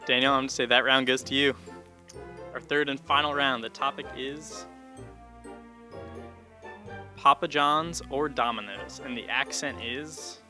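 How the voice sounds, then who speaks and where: Very bright-voiced teen guy hosting. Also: medium pitch, steady tone, normal speed, soft background music. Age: teens. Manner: upbeat, announcer-like. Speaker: host of a debate game. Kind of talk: hosting a comedy contest.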